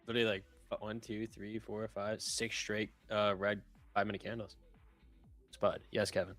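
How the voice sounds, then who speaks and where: A man's voice: lowish voice, normal speed, soft background music. A man co-hosting a live trading stream, joking casually and reading out market headlines. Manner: relaxed, joking, reads market news aloud.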